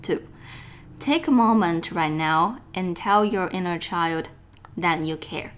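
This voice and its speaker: A woman whose first language is Chinese, reading a guided self-help exercise aloud in a slow, gentle way that turns playful. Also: on the low side. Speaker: self-help course host.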